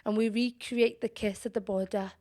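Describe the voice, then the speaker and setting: A young woman with a Scouse accent performing spoken-word poetry in a measured, deliberate way, sometimes dropping to a whisper. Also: on the high side, fairly even intonation, darkish tone. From Liverpool, England. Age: young adult. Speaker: poet.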